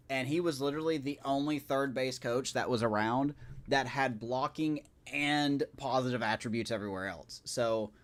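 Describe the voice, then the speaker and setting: Rambling male gaming streamer. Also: mid-range voice. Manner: rambling, self-correcting, chatting with viewers. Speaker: live-stream gamer. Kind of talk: casual live-stream commentary.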